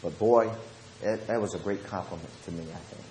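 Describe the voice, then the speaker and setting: A man with a Southern US accent, a preacher telling lively stories from Bible studies and switching between fast talk and slow, low speech. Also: a little hiss or hum. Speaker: preacher and Bible study teacher. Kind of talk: storytelling lesson. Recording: roomy echo.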